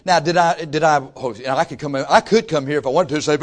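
A pastor preaching to his congregation, swinging from loud rises to soft asides. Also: fairly high pitch, a little fast. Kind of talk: sermon. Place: church before a congregation.

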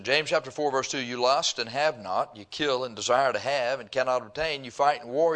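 A man's voice: medium pitch, moderate pace, few pauses, a bit bright. Middle-aged guy preaching, folksy storytelling, chuckles, does the voices of people in his stories. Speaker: pastor. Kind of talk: sermon with storytelling.

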